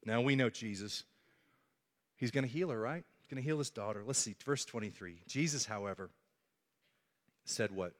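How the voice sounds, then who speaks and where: A man's voice: medium pitch, normal speed, long pauses, long reverb tail. A male pastor preaching a sermon, telling the story with animation and acting out the voices of the people in it.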